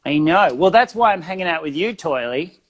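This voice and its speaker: A man's voice: on the high side, expressive, a little fast, a bit bright. A man voicing a sardonic felt puppet comedian with an Australian accent, who talks in dry, self-deprecating banter full of rambling asides. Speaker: guest comedian.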